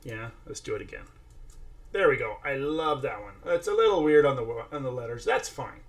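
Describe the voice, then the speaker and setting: A man's voice: medium pitch, animated, normal speed. A man hosting a casual screen-share tutorial, chatting his way through each step and talking to a toddler at his side. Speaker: AI art tutorial host.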